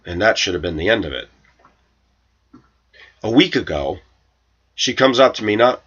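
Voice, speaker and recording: A man's voice: on the low side, lively intonation, moderate pace, long pauses, a bit bright, breathy edge, highs cut off. Indignant man telling a grievance story. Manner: aggrieved, indignant, quotes others in raised voice. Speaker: vlogger. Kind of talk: personal storytelling rant to camera.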